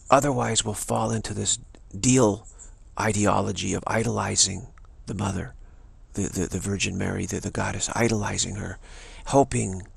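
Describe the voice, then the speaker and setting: This man's voice is lowish and husky with some vocal fry, captured on a dry recording. He gives a forceful spiritual talk as a teacher, circling back and restarting lines repeatedly as he presses on.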